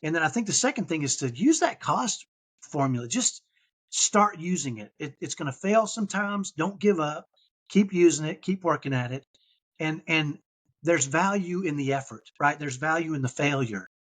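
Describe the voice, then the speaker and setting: Podcast guest: husky, fairly high-voiced man in his fifties, earnest and conversational. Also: lively intonation, normal speed, fairly bright tone. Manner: earnest, tags points with "right?".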